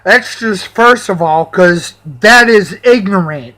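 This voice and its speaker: A man with an unusually high, bright voice, dragging each phrase out slowly as he vents. His tone is heated and full of curses, and he repeats himself as he builds up. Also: lively intonation. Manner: profane, heated, drawn-out delivery. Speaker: vlogger. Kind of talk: angry personal rant.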